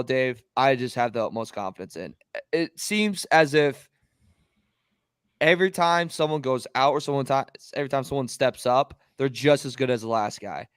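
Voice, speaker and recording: A man co-hosting a sports podcast, talking in an excitable, emphatic way in casual chat. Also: medium pitch, clean tone, no room sound, studio quality. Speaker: podcast co-host.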